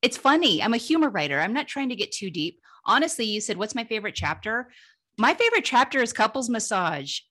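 A woman humor writer telling funny personal stories as an interview guest, lively and laughing, her voice jumping up when she reaches the punchlines. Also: fairly high pitch, brisk. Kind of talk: animated storytelling in an interview.

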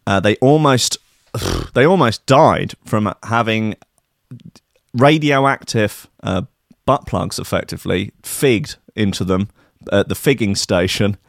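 A man hosting a podcast, telling an absurd comic story in a rambling, deadpan way with many ums. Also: on the low side, takes it slowly, vocal fry, no echo, studio quality. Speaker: podcast host.

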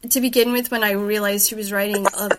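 A woman's voice: mid-range voice, little pitch movement, quick pace, noisy background. A Scottish woman and author hosting a casual interview, chatty and enthusiastic as she tells stories about her writing life. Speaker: host and author.

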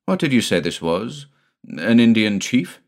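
A man's voice: lowish voice, very animated, pitched above the performer's own voice. A man reading a story aloud, voicing a stern but kindly doctor who scolds and teases his young son. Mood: stern teasing. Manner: brisk, scolding, gently teasing.

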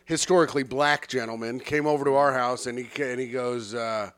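A man's voice: mid-range voice, fairly even intonation, fairly quick, a bit bright, clear, resonant tone, dry recording. A man co-hosting a comedy podcast, bantering casually and swearing freely as he teases his co-host. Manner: profane, teasing banter.

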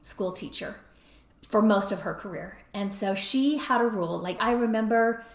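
A middle-aged woman hosting an advice podcast, talking in a relaxed conversational way and often tagging her points with "right?". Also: mid-range voice, moderate pace. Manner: conversational, frequent "right?" tag questions. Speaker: podcast host and counselor. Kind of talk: advice talk. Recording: roomy echo.

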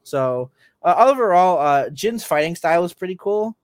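A man talks casually on a podcast, restarting his sentences and leaning on fillers as he goes. His voice sits a little high, and it is recorded dry and close with no room sound. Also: lively intonation, moderate pace, no room sound. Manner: rambling, many fillers and restarts. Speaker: podcast co-host. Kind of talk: casual chat about games and anime.

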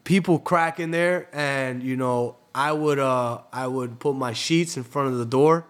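Podcast guest, young man from Florida, relaxed streetwise storyteller with an ordinary mid-range voice. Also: medium pitch, measured pace. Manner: streetwise, swears freely, says "bro" often. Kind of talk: casual storytelling interview.

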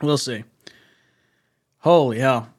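A young man hosting a casual fan livestream, excitable, laughing often and reading chat messages aloud. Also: medium pitch, slow pace, husky. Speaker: livestream host.

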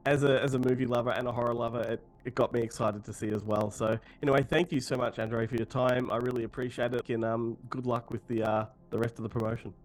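A man's voice: medium pitch, flat delivery, fast talker, hardly any pauses. A man interviewing a film director, asking questions with fan-like enthusiasm. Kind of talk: press interview.

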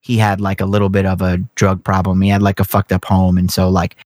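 A man's voice: deep voice, completely flat delivery, a little fast, a little mellow, no room sound. Rambling, cursing New guy. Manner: profane, rambling storyteller. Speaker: podcast co-host. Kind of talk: casual chat.

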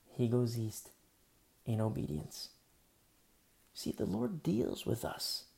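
A man preaching a sermon, acting out bits of dialogue and dropping to soft, hushed lines for emphasis. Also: mid-range voice, creaky. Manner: animated preaching, acts out dialogue, drops to near whispers. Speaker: pastor.

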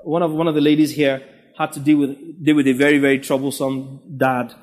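A man's voice: mid-range voice, flat delivery, brisk, darkish tone. A man, preaching a sermon as pastor, repeating his points and checking in with the congregation. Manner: emphatic, repetitive exhortation with frequent "yeah?" to the congregation.

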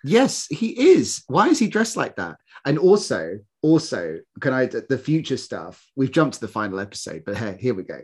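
A man co-hosting a podcast in casual, animated chat, mocking people with impressions. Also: mid-range voice, brisk, few pauses, husky. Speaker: podcast co-host.

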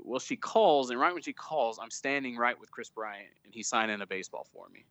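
A man chatting as a guest on a fan podcast, telling lively anecdotes and acting out quotes. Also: mid-range voice, fairly quick, few pauses, no room sound. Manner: storytelling, animated retelling of quotes. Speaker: guest, fan club leader. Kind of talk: casual podcast chat.

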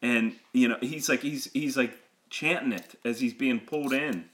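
Male podcast co-host, bright forceful tone, animated storyteller who stumbles over his words. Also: mid-range voice, normal speed. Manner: animated, laughing, repeats words when excited. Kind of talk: casual storytelling chat.

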